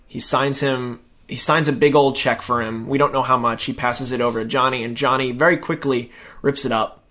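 Male podcast co-host, casual recap, animated storyteller, mid-pitch. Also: normal speed. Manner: chatty, animated retelling with quoted voices. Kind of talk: casual chat recapping a show.

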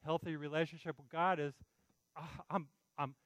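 A man's voice: fairly high pitch, little pitch movement, normal speed, fairly bright tone, dry recording, rough recording. A man preaching a sermon in an earnest, pleading, conversational way, often checking in with his listeners. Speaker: pastor.

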